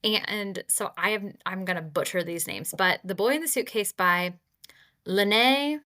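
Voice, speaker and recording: Bright, giggly woman co-host. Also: fairly low pitch. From United States. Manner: giggly, apologetic, quick reactions. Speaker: podcast co-host. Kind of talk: casual chat.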